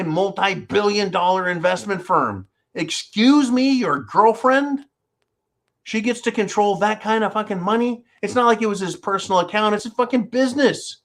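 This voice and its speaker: A man on an angry, profanity-laced rant, his voice sitting a bit high for a man and leaping upward when he gets worked up. He talks like a host addressing his regular viewers, sarcastic and swinging between loud outbursts and muttered asides. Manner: loud swings in pitch and volume. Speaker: channel host.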